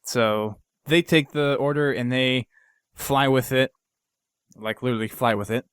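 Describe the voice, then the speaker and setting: A man's voice: medium pitch, steady tone, unhurried, fairly bright tone, clean tone, no echo. A man hosting a podcast, casually recapping a game mission in a rambling way with lots of fillers and restarts. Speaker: podcast host.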